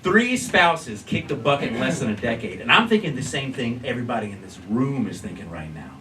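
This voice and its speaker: A young man doing stand-up on a comedy club stage, loud and animated, swearing often and jumping into high excited yelps. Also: brisk, far from the mic, noisy background. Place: comedy club stage before a laughing crowd. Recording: roomy club sound with a roaring crowd.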